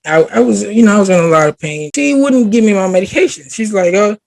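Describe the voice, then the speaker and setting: Young male co-host, slightly high voice, dry close sound, animated storyteller. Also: fast, creaky, dry recording. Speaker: podcast co-host. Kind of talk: casual chat.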